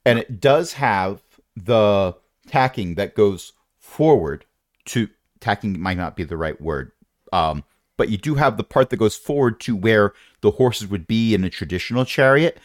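A man's voice: lowish voice, expressive, measured pace, no room sound, clean studio sound. A man narrating a tabletop game as game master, with playful, rambling descriptions and asides.

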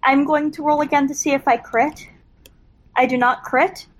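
A woman's voice: high-pitched, steady tone, normal speed, poor audio. A woman playing a tabletop game, thinking aloud with frequent fillers. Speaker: player.

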